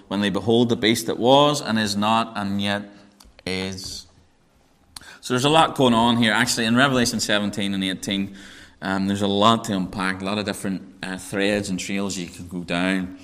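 A man with a Northern Irish accent preaching a Bible teaching sermon, conversational, with joking asides. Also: fairly bright tone. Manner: conversational, joking asides, pitch rising when stressing points.

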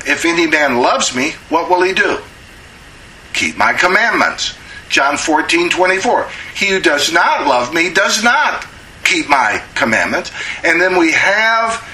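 Middle-aged man, Bible study teacher; bright, slightly high voice, chatty sermon delivery with "uh" restarts; faint noise behind. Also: low-quality recording. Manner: conversational, with frequent "uh" restarts and rhetorical questions.

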